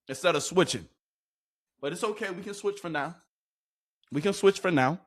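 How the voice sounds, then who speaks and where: A young man casually breaking down football practice clips, excitable and full of slang, repeating his lines and laughing as he goes. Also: mid-range voice, fairly quick. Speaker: football reaction commentator. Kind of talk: casual hyped clip breakdown.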